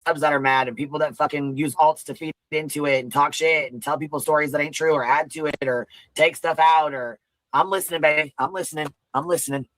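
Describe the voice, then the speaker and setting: A man co-hosts a livestream, talking fast and casually and swearing as he rambles. He is on a close, dry mic with no room sound. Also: fairly high pitch, steady tone, a bit bright, dry recording, poor audio. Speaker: stream co-host. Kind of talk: livestream commentary.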